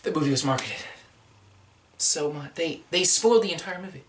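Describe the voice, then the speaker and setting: A man hosting a casual movie-review podcast, ranting and animated, often slipping into silly voices. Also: a little high, brisk. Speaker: podcast host.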